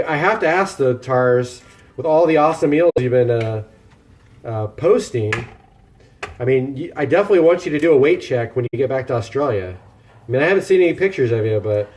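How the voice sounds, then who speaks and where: A darkish, mid-range male voice comes from a home kitchen, where the man live-streams his meal prep. He's chatty, talking to viewers while he works and poking fun at himself.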